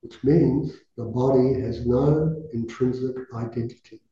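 A man guides a meditation in a deep, mellow, very dark voice, intoning mantra syllables in a slow, measured way. The sound is dull and lo-fi, with a heavy echo from a roomy space. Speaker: meditation teacher. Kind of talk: guided visualization with mantra chanting. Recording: echoey, dull lo-fi room recording.

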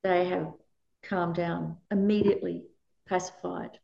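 A woman's voice: lowish voice, level tone, a little slow, creaky, warm tone, reverberant, muffled recording. A woman giving a conversational dharma talk as a meditation teacher. She laughs often while she teaches.

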